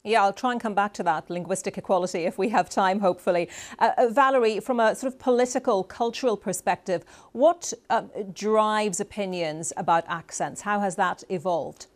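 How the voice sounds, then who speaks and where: A woman hosting a broadcast interview, putting questions to guests with measured, slightly hesitant delivery. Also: medium pitch. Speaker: radio host.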